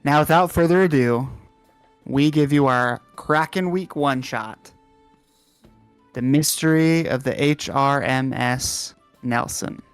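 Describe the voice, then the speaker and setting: A man narrating a tabletop horror game as game master, in a measured storytelling way with occasional fillers. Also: mid-range voice, smooth, dry recording, faint music behind.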